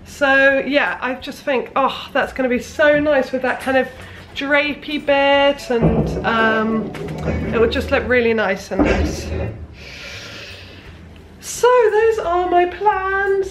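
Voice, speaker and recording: A woman's voice: fairly high pitch, a bit bright, slight background noise. A young woman, a sewing vlogger, chatting casually at her parents' house with plenty of ums and restarts. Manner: chatty, rambling, lots of fillers. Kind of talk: casual chat.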